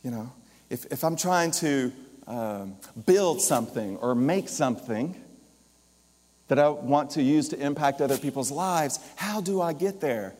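A minister preaching a lively sermon, his loudness rising and falling, with joking asides. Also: fairly high pitch, a little slow. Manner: lively, jokey preacher with shifting volume. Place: church or hall. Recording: long reverb of a large hall.

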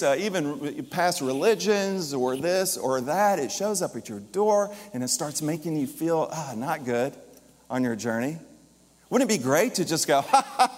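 A minister preaching a lively sermon, his loudness rising and falling, with joking asides. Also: fairly high pitch. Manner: lively, jokey preacher with shifting volume. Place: church or hall. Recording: long reverb of a large hall.

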